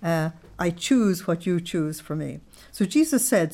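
Woman study leader, somewhat low voice, emphatic devotional reading, slows to stress words. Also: animated, warm tone. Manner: asks listeners to check their understanding. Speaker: religious study group leader. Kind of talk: devotional teaching with readings aloud.

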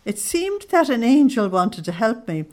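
Lively woman giving a religious talk. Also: fairly high pitch, normal speed. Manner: lively, laughs often, reads quotes aloud with feeling. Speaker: speaker on Christian mysticism. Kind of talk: informal religious talk to a group.

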